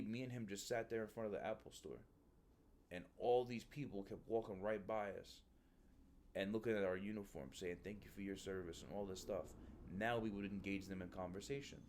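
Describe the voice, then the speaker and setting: A man's voice: lowish voice, moderate pace, a little mellow. A man hosting a casual podcast, talking animatedly and calling the listener bro. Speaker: Marine recruiter podcast host.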